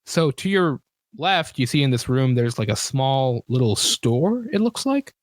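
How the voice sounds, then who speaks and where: A man's voice: medium pitch, sing-song, measured pace, no room sound, studio quality. A man narrating a tabletop game as game master, casual and rambling, with many fillers and self-corrections.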